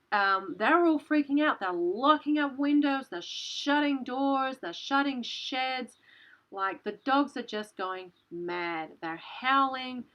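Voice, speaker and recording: A woman, telling a story in a casual way, animated and breathless, full of "like" and the odd swear word. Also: sits high, takes it slowly, muffled recording. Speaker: channel host.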